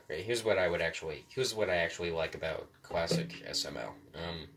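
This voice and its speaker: A man's voice: deep voice, brisk, a little hiss or hum. A man delivering a rambling, profane rant to the mic, stammering and restarting often. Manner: rants, then calms into musing. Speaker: solo commentator.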